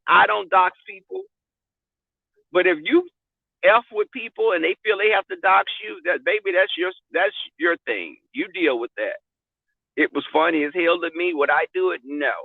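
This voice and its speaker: Man, sassy, profane, animated storyteller, gravelly, dry tinny phone recording. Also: a little high, no echo. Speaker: vlog host. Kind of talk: casual live-stream storytelling. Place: in a car.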